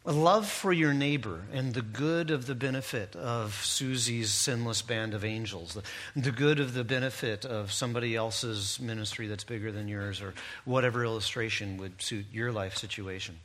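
A man's voice: medium pitch, pushed and bright. A man preaching a sermon in a conversational way, breaking in with asides and tag questions. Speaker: pastor.

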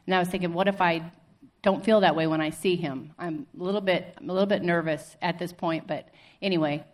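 Woman, lowish voice, earnest testimony storyteller acting out conversations. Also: fairly quick. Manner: earnest, animated retelling with quoted dialogue. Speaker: testimony speaker.

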